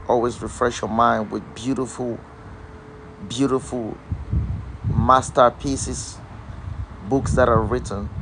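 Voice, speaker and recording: A man's voice: medium pitch, noisy background. A man hosting a casual live-stream outdoors, speaking in a repetitive, emphatic, inspirational way. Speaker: motivational livestream host.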